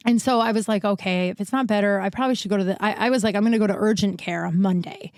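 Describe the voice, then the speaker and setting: Still recovering from illness and a bit out of breath, this woman hosts a podcast and spins a long personal tale in a casual, chatty way. Her mid-range voice is slightly mellow and quick, with a dry recording. She drops the occasional swear and performs the voices of people she quotes.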